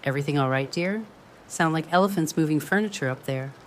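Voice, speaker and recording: Blunt protective old Polish grandmother, thick accent, rolling R, low voice, voiced by a woman, faint hiss behind. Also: brisk, close to an everyday voice. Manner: blunt broken-English speech, rolled R. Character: tiny fierce old Polish grandmother neighbor.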